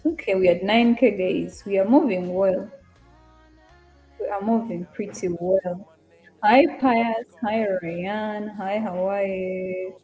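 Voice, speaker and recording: A young woman with an East African accent talks casually on a live stream, greeting viewers by name and answering their comments as they come in. Her voice is warm and mellow, with soft music playing faintly behind her. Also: medium pitch, slow, muffled recording. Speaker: live-stream trader and host.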